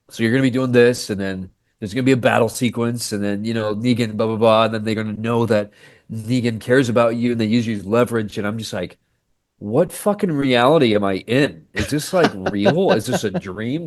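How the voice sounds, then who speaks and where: An actor, guesting on a casual podcast, tells behind-the-scenes stories in a fairly low voice, captured on a dry recording. He is an animated storyteller who acts out the dialogue as he quotes it.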